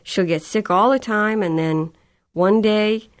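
A woman's voice: mid-range voice, a little slow, pitched above the performer's own voice, lightly acted. A woman voicing an anxious young girl. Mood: worried.

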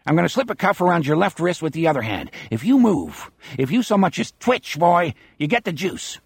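A man's voice: on the high side, a little fast, creaky, slightly rough, dry recording, clean studio sound, pitched above the performer's own voice, full character voice. A man voicing a menacing old male killer who growls, gloats smugly and sounds out of breath. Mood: gloating threat. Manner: growling, smug, excitable.

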